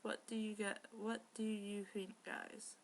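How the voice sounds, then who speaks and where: A woman's voice: medium pitch, level tone, slow, gravelly, a little hiss or hum. A woman reading bad fan fiction aloud for laughs and breaking in with sarcastic, exasperated remarks. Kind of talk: comedic dramatic reading with commentary.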